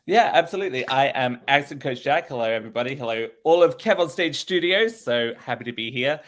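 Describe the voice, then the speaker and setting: A man's voice: mid-range voice, lively intonation, brisk, a bit bright. A man from England with an English accent, speaking as an interview guest and explaining his work as an accent coach in a friendly, articulate way.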